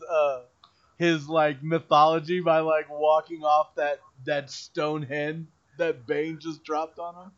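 Man, podcast co-host, slangy and animated, slightly high voice, dull lo-fi sound. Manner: animated, slangy, full of fillers. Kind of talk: casual chat.

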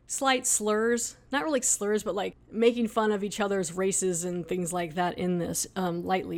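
A woman hosting a casual review podcast, chatty and rambling with lots of fillers. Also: medium pitch. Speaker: podcast host.

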